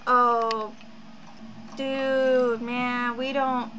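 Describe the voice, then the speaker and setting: A woman's voice: fairly high pitch, flat delivery, extremely slow, noisy background. A woman streamer reacting to a horror game, jumpy and exclaiming, talking to herself as she plays. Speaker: gaming streamer. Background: game music.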